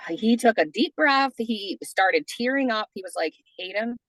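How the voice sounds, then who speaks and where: A woman's voice: on the high side, animated, measured pace, fairly bright tone, dry recording, rough recording. A woman podcast host telling a personal story in a chatty way, full of "like" and "you know". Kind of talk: casual storytelling.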